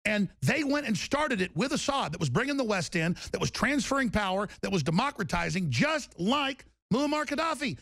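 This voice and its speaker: A man's voice: sits high, big pitch swings, moderate pace, hardly any pauses, a bit bright, no room sound, studio quality. A man delivering an angry political rant, heated and emphatic, with mocking asides. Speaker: political commentator.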